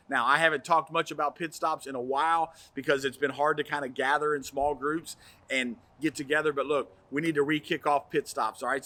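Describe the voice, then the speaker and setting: Folksy pastor man, enthusiastic announcements, bright tense voice, a bit higher than most. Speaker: pastor giving church announcements. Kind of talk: casual church announcements video.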